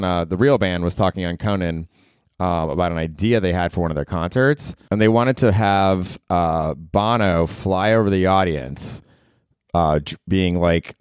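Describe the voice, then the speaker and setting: In clean studio sound with no room echo, a man hosts his podcast, his low-pitched voice smooth as he rambles through a comedic monologue. He curses liberally and mimics the people he quotes in mocking voices.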